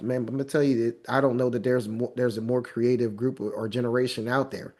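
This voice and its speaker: A man's voice: medium pitch, fairly even intonation, fairly quick, hardly any pauses, darkish tone. A man in his forties, a coach hosting an interview, chatting in an encouraging, conversational way. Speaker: host, coach. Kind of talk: casual interview chat.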